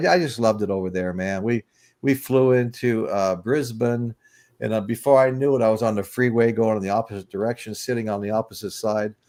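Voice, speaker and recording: A US man in his sixties, hosting a casual livestream chat, has a voice on the low side with a darkish tone. He tells meandering stories punctuated by chuckles and greets those watching in the chat.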